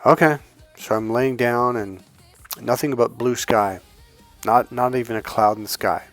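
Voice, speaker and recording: A man working as a dating coach, telling a story in a deliberately slowed, calm way and swearing bluntly. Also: mid-range voice, no room sound, faint music behind. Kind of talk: casual storytelling monologue.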